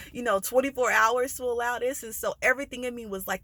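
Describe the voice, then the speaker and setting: Expressive American woman telling a story. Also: on the high side, fairly quick, hardly any pauses, dry recording. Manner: animated, expressive retelling with voiced quotes. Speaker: notary vlogger. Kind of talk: casual storytelling vlog.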